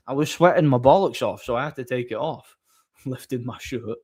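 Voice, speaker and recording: A man's voice: medium pitch, moderate pace, darkish tone, breathy edge. A man hosting a live stream, chatting casually and telling a story with many restarts and crude, blunt banter. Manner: rambling storyteller, frequent restarts.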